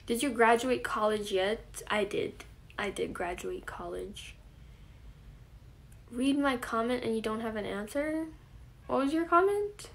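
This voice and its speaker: A 21-year-old woman hosting a casual live stream, reading viewer comments aloud and answering them in a relaxed way. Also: fairly high pitch, measured pace, vocal fry, pauses often. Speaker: livestream host. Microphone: phone camera.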